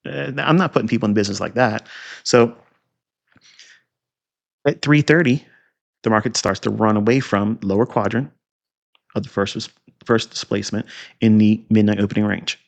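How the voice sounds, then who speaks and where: Gravelly man lecturing emphatically over charts. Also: fairly low pitch, steady tone, moderate pace, pauses often. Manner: emphatic and repetitive, with sudden loud bursts and rhetorical questions; mocking and scornful asides. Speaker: trading educator. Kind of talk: recorded lecture walking through price charts.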